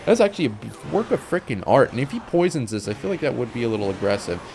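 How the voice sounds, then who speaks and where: A young man giving casual commentary on his own game, chatty and rambling, with sudden excited outbursts. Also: mid-range voice, quick pace, soft background music. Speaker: gameplay commentator.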